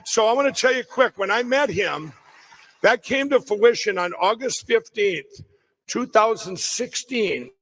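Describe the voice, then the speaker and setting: A middle-aged man with a fairly high voice tells a personal story to a crowd. He rambles, breaks off and restarts his sentences, and keeps circling back to the point. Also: expressive, unhurried, fairly bright tone, rough recording. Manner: rambling, self-interrupting storyteller. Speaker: guest speaker at a summit. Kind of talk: storytelling talk on stage.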